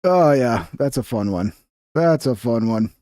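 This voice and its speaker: A man's voice: mid-range voice, lively intonation, measured pace, warm tone, no echo, clean studio sound. A man streaming reaction commentary on video clips, blunt and profane, lecturing with a laugh.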